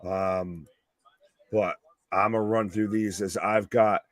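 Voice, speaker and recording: Excitable swearing man, dry close sound. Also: fairly low pitch, takes it slowly, no echo. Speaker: co-host. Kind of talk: casual live wrestling commentary.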